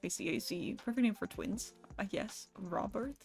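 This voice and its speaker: A woman's voice: medium pitch, moderate pace, vocal fry, darkish tone, faint music behind. A young adult woman streaming live, chatting casually with her viewers, swearing lightly and laughing as she goes. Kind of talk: casual livestream chat with viewers.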